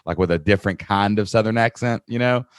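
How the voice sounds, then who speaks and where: A man's voice: lowish voice, fast talker, clear, resonant tone, no echo, clean studio sound. A man from Southeast Kentucky with an Appalachian mountain accent, hosting a podcast in an upbeat, folksy, chatty way. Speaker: podcast host. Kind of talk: casual podcast conversation.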